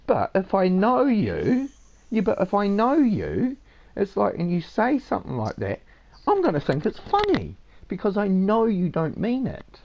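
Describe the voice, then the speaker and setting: A man's voice: high voice, huge pitch swings, measured pace, creaky, darkish tone, slight background noise. A man streaming a game, casually lecturing his listener in a rambling, swearing way with lots of "mate". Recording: dull lo-fi sound.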